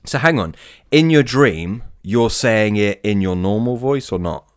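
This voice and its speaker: A man's voice: fairly low pitch, lively intonation, measured pace, clear, resonant tone, no echo, studio quality. A man in casual chat, curious and asking follow-up questions.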